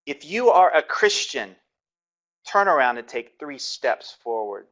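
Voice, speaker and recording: A man voicing an angry uniformed official who barks commands in broken English, pitched well above his own voice. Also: sing-song, a little slow. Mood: commanding. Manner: shouting, demanding, in broken English.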